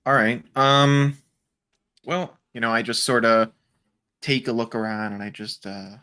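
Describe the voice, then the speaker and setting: A man's voice: medium pitch, steady tone, measured pace, bright, forceful tone, clear, resonant tone. A man playing a rogue in a tabletop game, casual and hesitant, with many fillers. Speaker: player. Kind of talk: tabletop role-play chat.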